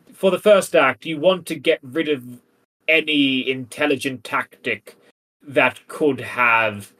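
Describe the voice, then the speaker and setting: A man's voice: medium pitch, pushed and bright. A man co-hosting a podcast, casually discussing a Renaissance play with teasing humor and reading passages aloud. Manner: playful, teasing, reads verse aloud dramatically. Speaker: podcast co-host.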